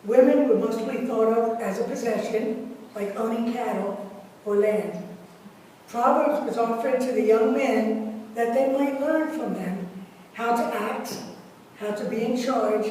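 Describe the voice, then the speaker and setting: Slow-speaking woman preaching in an echoey church. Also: a little high, mellow. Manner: slow, deliberate delivery with measured pauses. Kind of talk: sermon. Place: church sanctuary. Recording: echoey church hall from far off, faint hiss.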